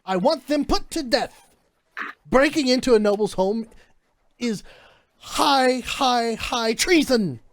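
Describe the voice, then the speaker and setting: A man's voice: very high-pitched, expressive, normal speed, fairly bright tone, slight background noise, pitched above the performer's own voice, full character voice. A man voicing a haughty, flustered noblewoman who speaks imperiously and dismissively in a tabletop game. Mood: indignant.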